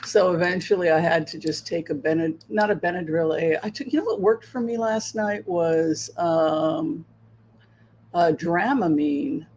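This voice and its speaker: A woman's voice: on the low side, moderate pace, a little mellow, a little hiss or hum, rough recording. A woman hosting a tarot livestream, chatting casually and rambling as she checks in with her viewers. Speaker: tarot reader and livestream host.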